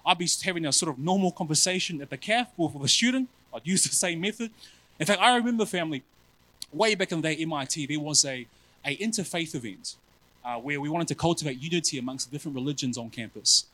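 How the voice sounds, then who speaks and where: A male preacher giving a sermon in an animated, self-mocking way, often calling his listeners family. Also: a little high, fast talker, no echo, rough recording.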